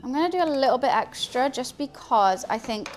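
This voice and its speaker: A woman's voice: high voice, expressive, brisk, a little mellow, slight background noise. A woman streaming as she cooks, chatting in a scattered, casual way and talking to her cat. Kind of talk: casual cooking stream chat.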